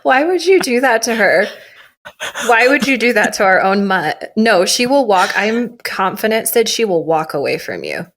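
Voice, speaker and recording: A woman's voice: medium pitch, very animated, normal speed, a bit bright. Joking young woman podcast host. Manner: joking, self-mocking, laughs often. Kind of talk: casual chat.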